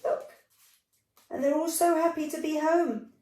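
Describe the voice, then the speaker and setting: A woman's voice: high voice, steady tone, unhurried, warm tone, a little hiss or hum. A woman reading a picture book aloud to young children, giving the characters livelier voices and adding chatty asides. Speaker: storyteller. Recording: echoey room, voice from a distance.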